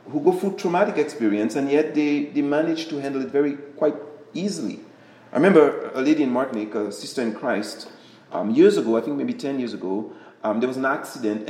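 A man's voice: medium pitch, dark tone, roomy sound, low-quality recording. A man giving a conversational sermon, often restarting and repeating words as he explains. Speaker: preacher.

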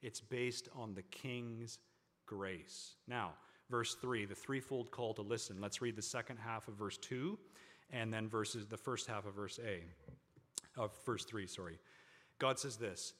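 A man preaching a sermon to a congregation, with emphatic, drawn-out stresses on key words. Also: fairly low pitch, a bit bright. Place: large hall with a congregation. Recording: long hall reverb.

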